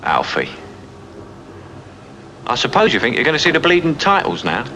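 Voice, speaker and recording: A man's voice: fairly high pitch, wildly swooping pitch, normal speed, sharp tone, a little hiss or hum, exaggerated voice. A cocky Cockney ladies' man. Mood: cheeky. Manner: breezy, confiding asides to the audience. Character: cocky young London womanizer, charming and cynical. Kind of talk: 1960s film acting.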